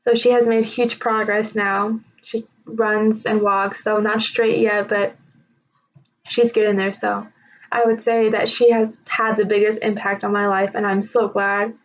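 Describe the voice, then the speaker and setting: A woman's voice: mid-range voice, level tone. Emotional young woman giving a tribute. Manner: emotional, halting, holding back tears. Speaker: speaker honoring her sister. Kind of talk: recorded personal tribute speech. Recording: slightly dull lo-fi recording.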